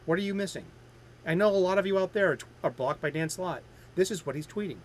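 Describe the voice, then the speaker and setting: A man's voice: sits high, fast talker, natural voice. A man in his fifties doing an impression of a fellow male comics commentator, who speaks bluntly and lectures the viewers. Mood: lecturing. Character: grown male comics commentator, matter-of-fact.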